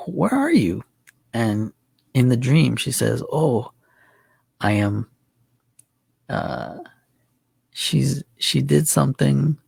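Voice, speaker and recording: A man's voice: mid-range voice, creaky, darkish tone, breathy edge, no echo. A man hosting a casual chat, rambling through a story with restarts and chuckles. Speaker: channel host.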